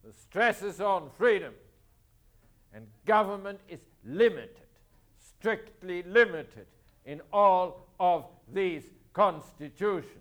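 A man's voice: high voice, lively intonation, slow pace, fairly bright tone. A man lecturing on history to students, asking rhetorical questions and repeating key points for emphasis.

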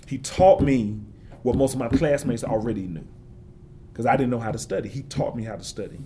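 A man's voice: mid-range voice, brisk, mellow, a little hiss or hum. A man giving an interview, talking with passion and building points through emphatic repetition. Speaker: forester and interview guest.

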